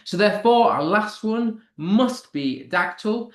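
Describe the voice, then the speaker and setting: A British man teaching an English lesson, patient and a little halting, with plenty of ums as he works through each point. His voice sits a touch high and swings lively up and down, and it rings in an echoey room. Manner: explains patiently, with many ums and restarts. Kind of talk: online lesson.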